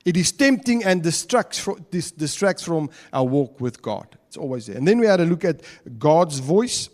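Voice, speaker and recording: A man's voice: fairly high pitch, very animated, normal speed, darkish tone. A man with an Afrikaans South African accent preaching a chatty sermon, joking with the congregation and slipping between English and Afrikaans. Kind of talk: conversational sermon. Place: church hall. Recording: long church hall reverb.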